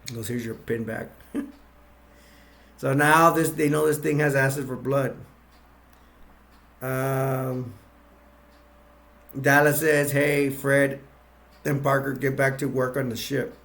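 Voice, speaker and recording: A man with a rough, gravelly edge at an ordinary pitch recaps a movie's plot off the cuff. He rambles, fills gaps with ums, and restarts his sentences. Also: fairly even intonation, takes it slowly, long pauses, a bit bright. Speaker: movie reviewer. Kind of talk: casual plot retelling. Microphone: attached to a bag.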